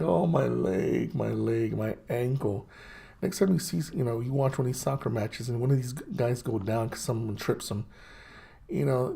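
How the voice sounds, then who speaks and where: A middle-aged man hosting his own show rambles through a blunt, scornful rant packed with fillers and restarts. His mid-range voice is creaky and mellow with a slight roughness.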